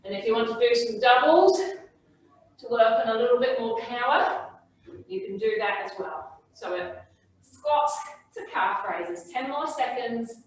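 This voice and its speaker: A woman exercise instructor with a slightly high voice leads an online class, coaching the moves and often checking in with "okay?". She sounds far from the mic in a very echoey indoor room. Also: measured pace.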